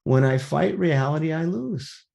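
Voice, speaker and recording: A man's voice: on the high side, animated, a little slow, gravelly, darkish tone. A man telling a personal story in a candid, conversational way, turning it into a reflective lesson.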